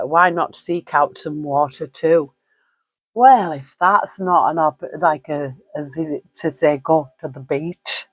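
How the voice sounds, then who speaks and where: A woman's voice: low voice, dry recording. A woman giving a casual spoken tarot reading, chatty and musing, with frequent fillers and easy laughs. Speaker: tarot reader.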